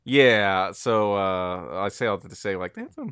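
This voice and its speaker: Deep-voiced man rambling in casual chat. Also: a little slow, a bit bright, smooth, no echo, studio quality. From United States. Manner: rambling, chatty, digressive. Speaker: podcast co-host.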